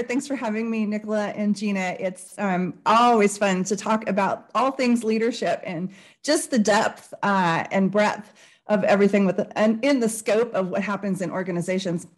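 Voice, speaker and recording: A woman's voice: mid-range voice, normal speed. A middle-aged woman, an organizational development expert, answering as an interview guest in a friendly, slightly hesitant way with some ums.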